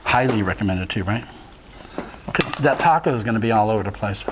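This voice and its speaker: A man's voice: fairly low pitch, lively intonation, fast, noisy background. A man hosting a local cooking show, chatty and enthusiastic, tasting food as he talks. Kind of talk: casual TV cooking chat.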